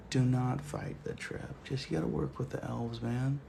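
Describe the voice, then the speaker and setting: A man's voice: medium pitch, steady tone, moderate pace, creaky, hardly any pauses, music in the background. A man hosting a casual livestream, chatting loosely with viewers and joking as he rambles through stories. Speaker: livestream host.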